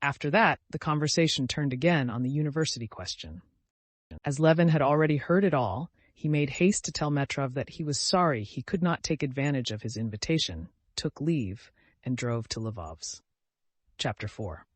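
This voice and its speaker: A man reading a classic novel aloud as an audiobook narrator, in an even, measured way. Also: medium pitch, no room sound. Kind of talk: scripted narration.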